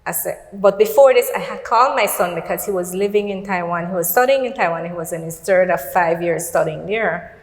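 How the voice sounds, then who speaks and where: A woman's voice: fairly low pitch, fairly quick, roomy sound, long reverb tail. A middle-aged woman with a Belizean accent telling a personal faith testimony on a talk show, recounting events through quoted dialogue. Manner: earnest, storytelling with quoted dialogue. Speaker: guest.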